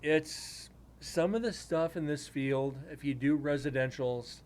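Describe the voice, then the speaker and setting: A man's voice: a little high, a little slow, a little mellow. Casual man telling a ghost story. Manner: rambling, with crude jokes to the chat. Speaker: paranormal investigator hosting a live stream. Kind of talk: casual storytelling to a live chat.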